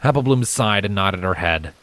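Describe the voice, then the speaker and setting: A man narrating a fanfiction story in a calm, steady read-aloud manner. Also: low-pitched, moderate pace, dry recording. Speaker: fanfiction reader.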